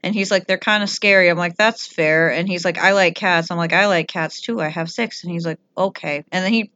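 A woman's voice: mid-range voice, a bit bright, no echo. A young woman in casual chat, telling rambling anecdotes full of fillers and acting out what people said. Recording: dry, slightly muffled audio.

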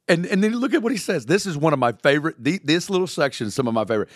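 A man's voice: fairly high pitch, expressive, very fast, hardly any pauses, dry recording, clean studio sound. A man co-hosting a casual Bible discussion. He reads scripture aloud reverently and talks about it with emphatic amazement.

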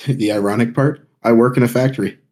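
A man's voice: medium pitch, fairly quick, darkish tone. A man talking plainly as a guest on a casual streaming podcast.

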